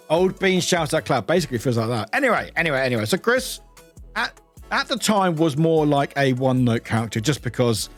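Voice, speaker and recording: A young British man in casual stream chatter, his pitch bouncing lively up and down as he laughs and swears. He talks straight to his viewers and shouts them out by name. Faint music plays underneath. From United Kingdom. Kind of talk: casual live-stream chat.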